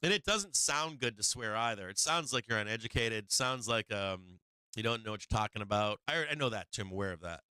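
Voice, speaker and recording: A man's voice: lowish voice, lively intonation, a little fast, bright, forceful tone, clear, resonant tone, no echo. A man from Boston hosting a live market stream, rambling in casual chat and laughing often at himself. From Boston, USA. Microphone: streaming microphone on an arm.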